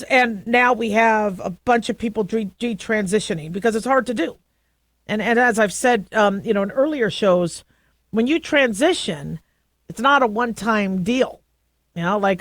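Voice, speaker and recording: A woman's voice: fairly high pitch, normal speed, no room sound. A middle-aged woman hosting a radio talk show, chatting casually and telling stories with lots of fillers. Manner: chatty, animated storytelling with frequent fillers.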